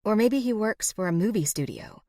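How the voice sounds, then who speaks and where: A woman narrating a first-person romance audiobook in an expressive, wry way, close to the mic. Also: mid-range voice, a little fast, no echo.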